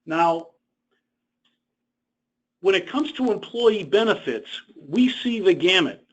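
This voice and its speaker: A man presenting a webinar lecture in a conversational way, explaining rules through personal stories. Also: high-pitched. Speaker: presenter on government contract costs. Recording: dull lo-fi webinar audio.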